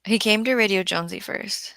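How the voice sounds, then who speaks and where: A woman with a mid-pitched, slightly gravelly voice banters on a casual live stream. She teases her co-host with quick, light jabs. The sound is dry and close. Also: fairly bright tone, no echo, rough recording. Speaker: livestream co-host.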